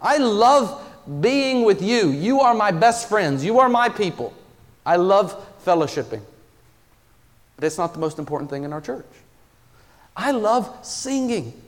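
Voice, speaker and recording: A man's voice: high voice, in a large hall. A man preaching a sermon as pastor of his church, earnest and conversational, asking his congregation many questions. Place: church sanctuary.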